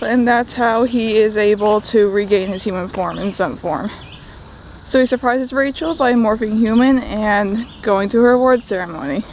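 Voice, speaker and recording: Young woman, book recap vlog, sarcastic asides, slightly high voice, phone mic outdoors, faint background noise. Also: darkish tone, low-quality recording. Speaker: book vlogger. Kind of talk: casual book recap while walking. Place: outdoors in woods.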